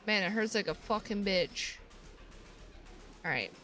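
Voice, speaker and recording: A woman's voice: mid-range voice, lively intonation, measured pace, sharp tone, soft background music. A woman streamer reading a visual novel aloud, breaking off into casual, sweary asides.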